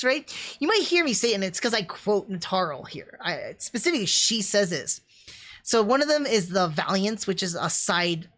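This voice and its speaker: A young woman talking through an anime review on a livestream, excited and chatty, with lots of fillers and restarts. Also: mid-range voice.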